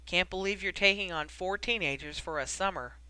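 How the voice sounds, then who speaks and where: An audiobook reader voicing a weary, harried middle-aged wizard official who talks in a brisk, grumbling, wry way. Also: medium pitch, bright, forceful tone, smooth, no echo, rough recording.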